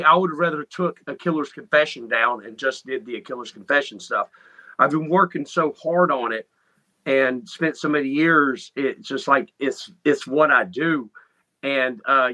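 A man's voice: fairly high pitch, normal speed, bright, forceful tone, poor audio. A man from North Carolina with a thick Southern accent, talking plainly as a guest musician in a casual interview. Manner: thick drawl, plainspoken, proud.

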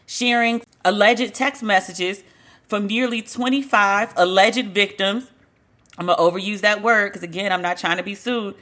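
Woman podcast host, mid-pitched and bright, casual commentary, wry and unfiltered. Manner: blunt, profane, wryly joking. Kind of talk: casual pop culture commentary.

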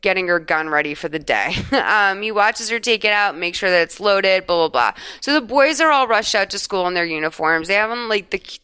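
A woman's voice: medium pitch, animated, brisk, few pauses, pushed and bright, clear, resonant tone. A woman podcast host casually recapping a TV episode, chatty and swearing freely as she retells scenes.

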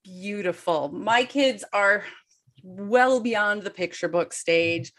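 A woman's voice: medium pitch, slow, fairly bright tone. A woman co-host of a talk show, reflective and affirming in casual chat. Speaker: podcast co-host.

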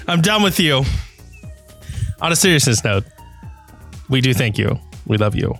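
A man's voice: medium pitch, measured pace, pauses often, soft background music. A man co-hosting a casual podcast, reacting with disbelief and laughter to his co-host. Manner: incredulous, laughing, animated. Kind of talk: casual chat.

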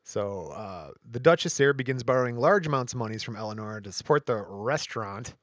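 A man's voice: medium pitch, fairly quick, dry recording, clean studio sound. A man co-hosting a podcast, telling a long anecdote in casual chat and acting out the voices of the people in it. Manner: animated anecdote teller, acts out quotes. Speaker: podcast co-host.

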